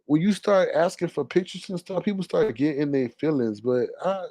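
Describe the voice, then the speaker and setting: A man calling into a live talk stream rants with animated, casual indignation, loud and drawling, alternating outbursts with mutters. His fairly high voice is animated and moves at a moderate pace. No room sound, with a dry, close voice.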